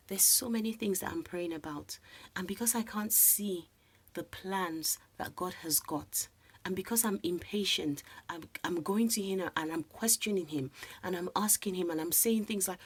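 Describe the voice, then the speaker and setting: A woman telling a personal faith story late at night while unable to sleep, speaking earnestly and sometimes dropping to a hushed whisper. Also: fairly low pitch, husky. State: sleepless in the small hours. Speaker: women's ministry speaker.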